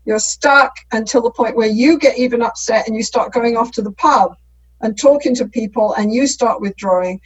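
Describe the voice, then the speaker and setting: A woman's voice: fairly high pitch, a little mellow, low-quality recording. A middle-aged woman who works as a couples therapist, explaining in a conversational way and often checking in with "right?".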